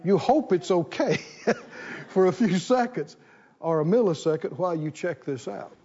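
Brief: male pastor, animated call-and-response sermon, high and husky. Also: unhurried, highs cut off.

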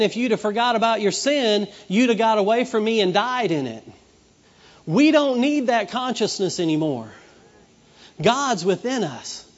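A middle-aged man preaching a sermon in a conversational way, acting out children's voices. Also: sits high. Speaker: pastor. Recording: dull reverberant hall recording.

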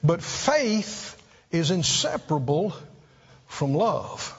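High-voiced earnest preacher in an echoing hall. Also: male voice, big pitch swings, slow, breathy edge. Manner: earnest and emphatic, repeats words, climbs high on key points. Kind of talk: sermon. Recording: dull sound in a reverberant hall.

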